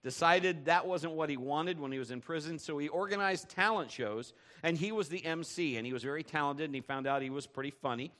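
A male pastor delivering a sermon in a relaxed, conversational style. His voice sits a little high for a man. He jokes, tells stories and keeps checking in with the congregation. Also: fairly quick, hardly any pauses. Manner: conversational, joking storyteller, asks the crowd questions.

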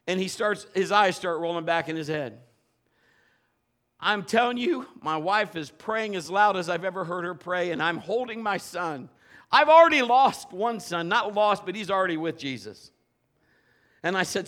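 Middle-aged male preacher, animated storyteller, forceful, pitched a bit high. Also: moderate pace. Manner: animated, acts out voices and sounds. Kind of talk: dramatic sermon storytelling.

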